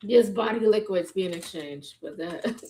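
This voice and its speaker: A woman's voice: mid-range voice, unhurried, mellow, rough recording. Chill woman co-host, casual offhand chatter on a stream. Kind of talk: casual chat reacting to a video.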